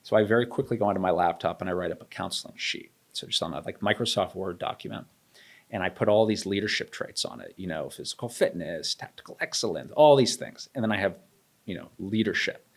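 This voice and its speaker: Low-voiced, quick, and full of vocal fry, a man in his thirties tells a story as an interview guest. He's animated in conversation, acting out the quoted dialogue.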